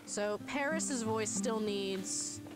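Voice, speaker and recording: A woman's voice: medium pitch, slow. A woman streamer chatting casually and joking at her own expense while she plays a game. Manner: chatty, self-mocking, laughs often. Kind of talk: casual let's play commentary. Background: game music.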